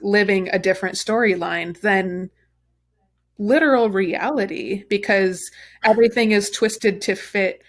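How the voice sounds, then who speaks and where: A woman co-hosting a casual podcast, speaking at a middle pitch. She talks in an analytical way and walks through her reasoning point by point. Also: a little slow, slight background noise. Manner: analytical, explains things step by step. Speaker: podcast co-host. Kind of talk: casual chat.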